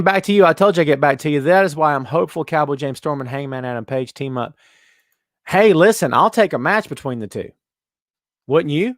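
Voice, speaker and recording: A man's voice: a little high, expressive, a little fast, dry recording, studio quality. A man hosting a wrestling podcast, ranting emphatically and repeating himself, then answering chat questions casually. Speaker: podcast host.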